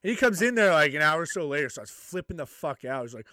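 A man's voice: on the high side, very animated, quick pace, bright, forceful tone, no echo, studio quality. A young man co-hosting a podcast, swearing a lot and telling stories through laughs. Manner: profane, laughing storyteller, acts out quotes. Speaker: podcast co-host. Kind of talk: casual chat.

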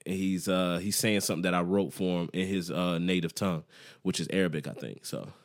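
A man's voice: sits low, a little fast. A man, a musician guest, chatting casually on a podcast and telling loose, slang-heavy stories. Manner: relaxed, slang-heavy storytelling.

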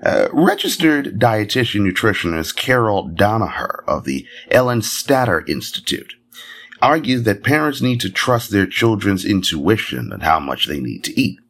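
A man's voice: on the low side, big pitch swings, moderate pace, fairly bright tone. A man hosting a news podcast, reading stories with chatty, jokey asides. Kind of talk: casual news commentary.

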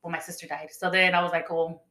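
A woman's voice: lowish voice, level tone, fast talker, sharp tone. A woman in casual podcast chat, telling stories in a chatty way and acting out the voices of people she quotes. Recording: echoey room.

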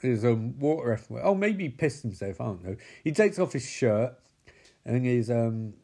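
Crude, animated man recapping a show. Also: medium pitch, normal speed. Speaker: comedic recapper. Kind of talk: casual comedic recap.

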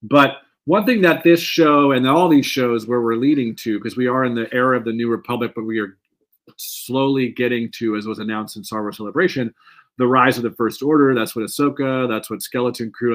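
A man co-hosting a fan podcast, talking in an animated, rambling way and swearing freely. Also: mid-range voice. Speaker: podcast co-host. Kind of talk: casual fan chat.

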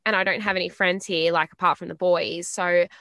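A woman's voice: on the low side, steady tone, a little fast, a bit bright, dry recording, studio quality. A young woman co-hosting a podcast, bubbly and laughing, swearing casually as she chats. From Australia. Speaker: podcast co-host. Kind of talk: casual chat.

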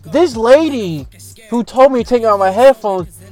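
Young man, exasperated, slangy, swears a lot, slow delivery, casual storytelling. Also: extremely high pitch, animated, faint music behind.

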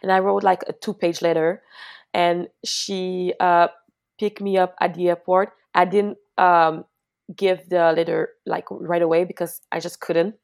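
Speaking in a lowish, creaky voice at a measured pace, a young woman tells a personal story in loose, profane casual chat. Her delivery is flat overall, yet she restarts often and swings between hushed tones and loud laughter.

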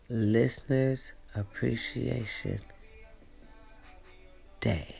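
A woman's voice: low-pitched, creaky, a little mellow. A woman hosting a podcast, chatting casually and playfully to her listeners in a rambling, teasing way. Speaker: podcast host.

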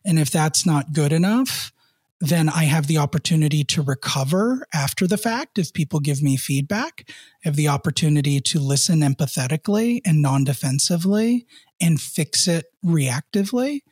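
A man in his thirties, co-hosting a podcast, telling a personal work story in an earnest way, with many fillers and soft laughs. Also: fairly high pitch, expressive, moderate pace, husky, no room sound, clean studio sound. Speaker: podcast co-host.

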